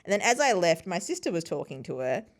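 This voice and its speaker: A woman in her thirties speaking as a podcast guest, with a slightly low voice that swings widely in pitch. She tells stories casually and acts out quoted voices with a lot of animation. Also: big pitch swings, quick pace. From Sri Lankan family. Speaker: podcast host and interview guest. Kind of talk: casual conversational storytelling.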